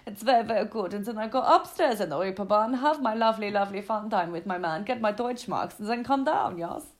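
A woman's voice: mid-range voice, lively intonation, a little fast, close to an everyday voice. A British woman putting on an exaggerated mock German accent, playing a cheerful, chatty woman from Hamburg. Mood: cheery boasting. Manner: exaggerated comic accent, singsong and boastful.

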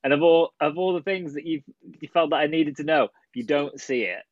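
Brief: male podcast co-host, a bit high, skeptical and sweary, muffled dry recording. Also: fairly quick, no room sound. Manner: incredulous, sweary, poking holes in the story. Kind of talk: casual chat. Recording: dry, dull lo-fi mic.

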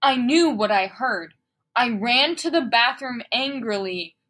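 A woman's voice: on the high side, animated, measured pace, fairly bright tone. A young woman co-hosting a casual comedy show, reading fan fiction aloud with swearing and dramatic flair. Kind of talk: casual comedic read-along.

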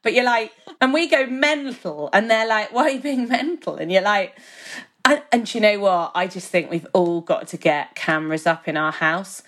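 A woman co-hosting a podcast, telling animated stories in casual chat, with swearing and laughter. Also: medium pitch, normal speed. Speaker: podcast co-host.

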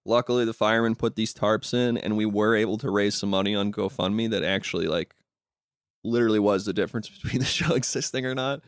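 A man's voice: lowish voice, fairly quick, clear, resonant tone, no echo, clean studio sound. A young man, a comedian, talking in a loose, rambling casual conversation full of "like" and restarts. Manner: loose and rambling, heavy use of "like". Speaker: comedian and podcast guest.

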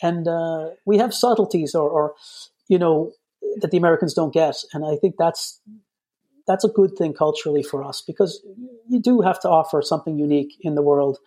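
An Irish man chatting in a relaxed, loose way, his talk full of "you know" and half-finished starts. His voice is mellow and a little husky. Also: fairly high pitch, brisk. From Ireland. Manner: rambling, peppered with "you know". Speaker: guest. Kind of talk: casual chat.

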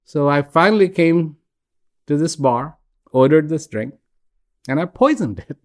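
A man's voice: a little high, expressive, a little slow. A man voicing a despairing man at a bar, telling his troubles in a rambling, pleading way.

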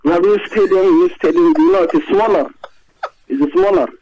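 A man phoning in to a show, boasting excitedly in broken English. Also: high voice, fairly quick, muffled recording. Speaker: caller. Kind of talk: call-in phone chat.

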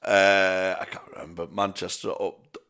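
A man's voice: deep voice, flat delivery, measured pace, pushed and bright, clean tone. A young man co-hosting a casual podcast, telling stories with lots of laughing and swearing. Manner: laughing storyteller, swears freely. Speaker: podcast co-host. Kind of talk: casual chat.

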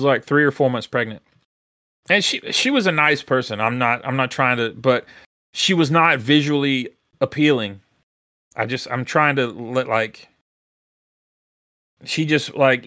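A man on a casual podcast telling a workplace story in a lively, animated way, acting out the people he quotes. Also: mid-range voice, no echo, clean studio sound. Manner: animated storyteller who acts out quoted voices.

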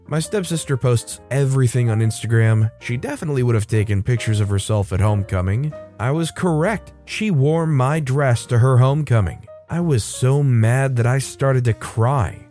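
A man reading a first-person reader story aloud as a storytime narrator, in a steady, even manner. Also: medium pitch.

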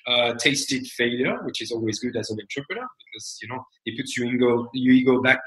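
A man with a French accent, a company co-founder answering interview questions at an unhurried pace and often trailing off quietly. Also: medium pitch. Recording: roomy echo.

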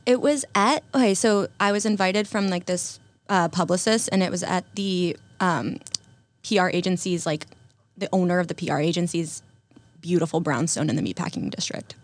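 Chatty young woman, low pitch. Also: normal speed, dry recording. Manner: chatty, upbeat, with filler words. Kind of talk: casual chat.

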